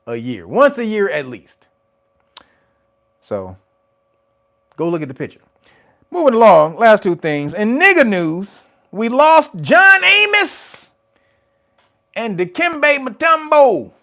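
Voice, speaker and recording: Animated high-voiced man, laughing commentary. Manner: animated, profane, laughing often, loud exclamations. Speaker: host of a commentary channel. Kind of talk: casual news commentary.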